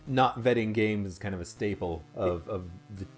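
A man's voice: fairly low pitch, moderate pace, faint music behind. A young man co-hosting a casual game-playing show, wry and teasing. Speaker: co-host.

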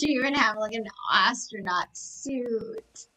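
A woman live-streaming a game, chatting to viewers in an excitable, gushing way full of gasps and exclamations. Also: a little high, takes it slowly, distant mic, rough recording.

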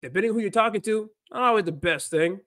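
A man's voice: high-pitched, fast, fairly bright tone, no room sound, studio quality. A man hosting a casual livestream, rambling and repeating himself while mixing in Spanish phrases. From United States. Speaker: livestream host, language learner.

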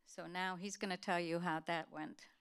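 A woman giving a talk, telling a family story to an audience in an earnest, steady way. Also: lowish voice, moderate pace, clear, resonant tone. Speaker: guest speaker.

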